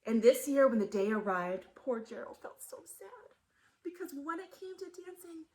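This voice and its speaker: A woman museum storyteller reading a picture book aloud to children, animated and asking them questions. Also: sits high, normal speed, slight background noise, low-quality recording.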